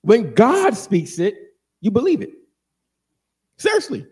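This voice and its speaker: A man preaching a sermon, animated and joking, asking the congregation questions and answering them. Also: high voice, slow pace, husky. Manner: animated, call-and-response, jokes with congregation.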